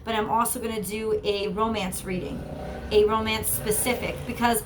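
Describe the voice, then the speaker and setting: Woman, tarot reader, channeled reading, earnest, repetitive, slightly high voice, faint hiss. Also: steady tone, moderate pace.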